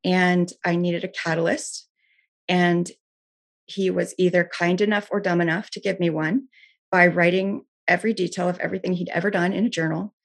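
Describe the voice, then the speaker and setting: A woman with a fairly low voice speaks as an interview guest, earnest and candid. She often says "like" and restarts her phrases as she tells her own story. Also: fairly even intonation, moderate pace. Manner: earnest, frequent filler "like", restarts.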